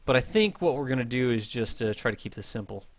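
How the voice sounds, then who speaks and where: A man's voice: mid-range voice, fast, no echo. A young man with a general American accent, casually commenting on a space game he plays live and chatting with viewers between tasks. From American Southwest. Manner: relaxed, rambling, chats with viewers between tasks. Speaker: game streamer teaching spaceflight. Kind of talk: casual live-stream commentary while playing. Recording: loud music behind the voice.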